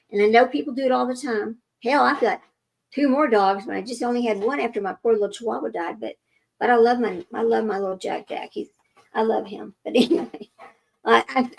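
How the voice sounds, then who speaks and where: A woman's voice: a little high, vocal fry, low-quality recording. A woman reading a book aloud and breaking off often for chatty commentary and self-corrections. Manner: chatty, interrupts herself with asides and corrections. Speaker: reader of a book.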